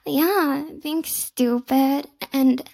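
Giggly, teasing young woman, high fry. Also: mellow. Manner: playfully bratty and coy. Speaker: audio role-play performer. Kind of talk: intimate audio role-play.

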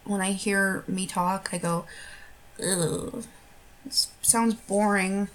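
A woman's voice: mid-range voice, fairly even intonation, slow. A young American woman doing a casual accent-tag video, giggling often between her answers. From United States. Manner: giggly, laughs between words. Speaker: vlogger.

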